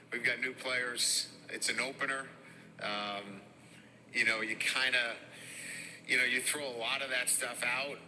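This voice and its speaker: A middle-aged man with a mixed Boston and Midwestern accent, speaking as a head football coach at a press conference. His voice is very bright and forward. He works through each answer haltingly, full of fillers and restarts. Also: on the low side, a little hiss or hum, poor audio. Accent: Boston and Midwestern with some Louisiana.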